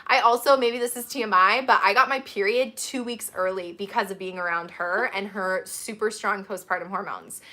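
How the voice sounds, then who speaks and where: Bright-voiced chatty woman giving advice. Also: medium pitch, normal speed, few pauses. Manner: chatty, instructive, laughs often. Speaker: lactation support host. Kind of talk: casual advice chat.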